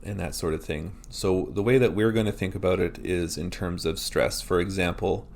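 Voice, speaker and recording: A Canadian man teaching a recorded lesson, explaining slowly and deliberately with example words. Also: low-pitched, steady tone, darkish tone, a little hiss or hum.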